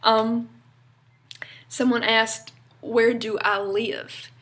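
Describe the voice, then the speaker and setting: A young vlogger from North Carolina, USA, with a Southern accent, chats casually to camera in a fairly high, fairly bright voice. She speaks very slowly in a level tone, rambling along with lots of fillers and little laughs.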